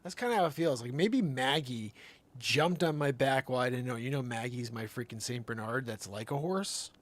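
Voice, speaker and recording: A man's voice: mid-range voice, moderate pace. A middle-aged man hosting a comedy show, spinning a rambling tall-tale monologue with theatrical jumps in voice.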